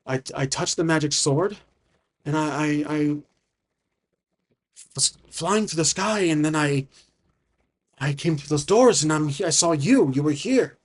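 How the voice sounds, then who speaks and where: A man's voice: a little high, lively intonation. A man voicing a nervous young male companion who stammers and halts as he speaks. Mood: shaken. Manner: stammering, halting speech.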